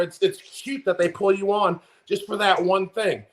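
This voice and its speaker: A man's voice: high voice, level tone, moderate pace, a little hiss or hum. A man in his forties with an American accent, co-hosting a podcast and ranting in a heated, profane, impassioned way about politics. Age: 40s. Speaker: podcast co-host.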